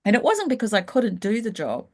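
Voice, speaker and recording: A woman's voice: mid-range voice, wildly swooping pitch. A middle-aged woman, telling her story frankly and reflectively as an interview guest. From New Zealand. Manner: frank and reflective, slows down when thinking back. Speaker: guest, leadership coach. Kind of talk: candid storytelling in a casual interview.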